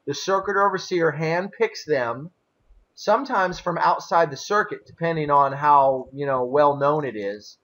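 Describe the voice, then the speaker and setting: A man's voice: a little high, measured pace, a bit bright. A man hosting a casual interview, plainspoken and explaining at length with folksy asides. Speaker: interview host, former elder. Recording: dull lo-fi audio.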